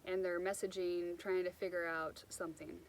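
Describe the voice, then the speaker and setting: Lady rambling thru a self-help talk outside near water, kinda low voice, restarts a lot. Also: flat delivery, moderate pace, a little hiss or hum, low-quality recording. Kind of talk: casual motivational talk. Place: outdoors by water.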